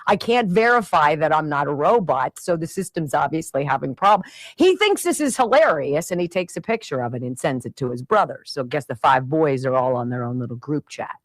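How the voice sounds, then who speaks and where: A middle-aged woman hosting a radio show, telling a family story in an animated, exasperated way and acting out the voices of the people in it. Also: deep voice, fairly quick, dry recording. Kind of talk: storytelling monologue.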